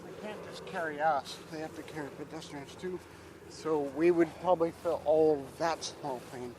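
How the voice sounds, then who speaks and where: A man talking casually during a run outdoors, matter-of-fact and quick to correct the numbers. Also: fairly high pitch. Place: outdoors by a road. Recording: outdoor recording with loud traffic noise. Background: traffic and street ambience.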